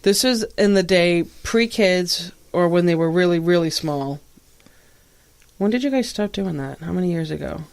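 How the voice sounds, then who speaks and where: A woman's voice: lowish voice, normal speed, creaky. A woman hosting a podcast, telling stories in a casual chat and laughing often as she talks. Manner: animated storyteller who laughs often. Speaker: podcast host.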